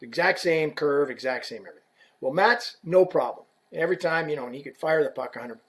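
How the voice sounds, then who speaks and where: Animated, swearing male storyteller. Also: a little high, a little fast. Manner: animated, profane, acts out dialogue. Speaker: podcast guest, former equipment rep. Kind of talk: casual anecdotal storytelling.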